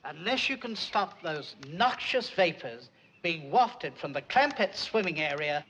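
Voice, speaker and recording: Sitcom: a prim butler, high and crisp, dryly polite. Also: male voice, sing-song, measured pace, bright, forceful tone, slight background noise, exaggerated voice, low-quality recording. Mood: formal. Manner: formal, stiff-upper-lip politeness. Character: stiff formal butler, dry and timid. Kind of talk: 1960s sitcom acting.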